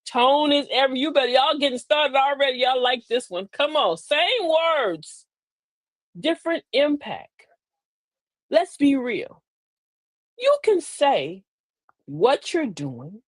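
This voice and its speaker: Lively, folksy woman hosting a live talk show. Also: sits high, unhurried, no echo. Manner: folksy and preachy, addresses listeners as beloved, laughs often. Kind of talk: live-stream talk with viewer shout-outs.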